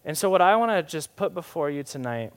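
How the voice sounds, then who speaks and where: Preacher man, swinging loud to hushed. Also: fairly high pitch, animated. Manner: swings from emphatic to hushed, slows for key phrases. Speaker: pastor. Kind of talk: sermon.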